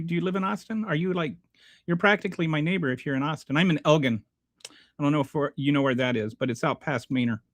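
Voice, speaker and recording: A man's voice: fairly high pitch, fairly bright tone, dry recording. A male host giving sarcastic, rambling political commentary on a livestream and reading chat. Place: home near a small Texas town.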